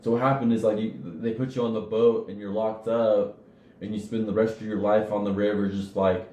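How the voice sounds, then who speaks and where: A man rambles through his points on a crude comedy podcast, leaning on "like" over and over. His voice sits on the low side. The sound is roomy and echoey. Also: level tone, a little fast, dark tone. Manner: rambling, heavy use of "like". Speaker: podcast co-host. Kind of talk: casual comedy podcast chat. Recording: echoey room.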